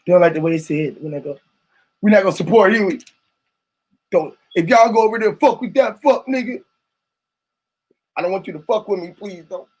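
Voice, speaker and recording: Young man, high voice, casual livestream chatter, crude, rambling, joking. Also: fairly quick, pauses often, darkish tone, slightly rough.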